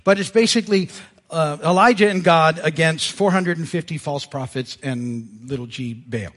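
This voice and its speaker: A male pastor preaching a sermon in a conversational, animated way, laughing at himself as he goes. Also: fairly high pitch, moderate pace. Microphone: live sermon mic. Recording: church service audio.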